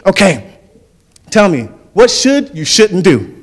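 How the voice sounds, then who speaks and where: A man voicing an excitable older basketball coach with an Alabama accent and a fiery temper. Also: sits high, slow pace, pitched above the performer's own voice, heavily acted. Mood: emphatic.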